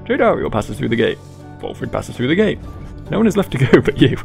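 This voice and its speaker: A man's voice: medium pitch, big pitch swings, fairly quick, creaky, a little mellow, faint music behind. A man reading game text aloud with playful asides while he plays. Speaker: gaming YouTuber. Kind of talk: game narration and commentary.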